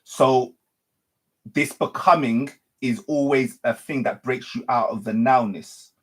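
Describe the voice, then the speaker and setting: At medium pitch with a breathy edge, this man talks at an unhurried pace. He's a teacher delivering an off-the-cuff spiritual monologue, repeating and reshaping his phrases and often stopping to correct himself.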